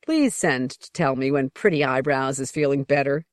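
A woman's voice: very deep voice, lively intonation, moderate pace, dry recording, clean studio sound. A woman reading the part of a smirking young male lord who is boastful, bland and cajoling.

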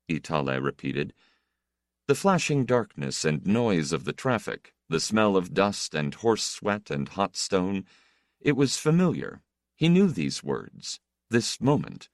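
A man narrating an audiobook in a measured, expressive reading. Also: low-pitched, no echo, studio quality.

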